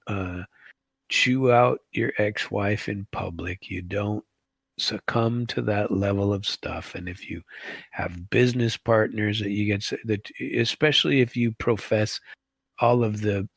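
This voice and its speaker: Gravelly, husky-voiced man rambling on politics. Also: lowish voice, no echo, clean studio sound. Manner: rambling, full of restarts and asides. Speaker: show host. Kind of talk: casual political commentary.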